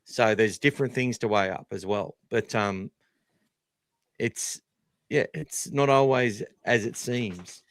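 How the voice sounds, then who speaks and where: A man's voice: lowish voice, takes it slowly, dry recording. An Australian man hosting a live podcast, talking in a blunt, sweary, casual way. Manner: blunt, sweary, animated opinions. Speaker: podcast host.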